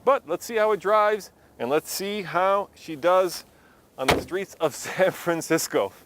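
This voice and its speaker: A man's voice: high voice, a little slow, background noise. Jokey man reviewing a car from behind the wheel. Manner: jokey and enthusiastic, laughs often. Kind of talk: first-drive car review. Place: inside a moving car in a city.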